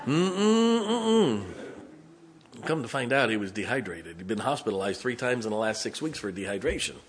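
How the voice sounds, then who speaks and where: An older man preaching a sermon. He tells a story in a hushed, folksy way, then builds to fervent, rising preaching. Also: fairly low pitch, animated, fast, slight background noise.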